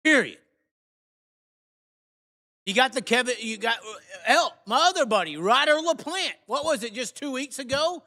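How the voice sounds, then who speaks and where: A man hosting a live show, ranting angrily and cursing, swinging between shouts and mutters. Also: extremely high pitch, animated, a little fast, few pauses, big-room sound. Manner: heated, profane, shifts from shouting to muttering. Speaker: host. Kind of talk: angry live rant.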